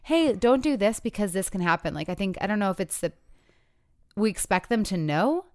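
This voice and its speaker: A woman's voice: expressive, fairly quick, a little mellow, no room sound, clean studio sound. A woman in her thirties co-hosting a casual podcast, chatty and acting out the quotes she tells. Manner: chatty, acts out quotes with big pitch jumps. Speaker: podcast co-host.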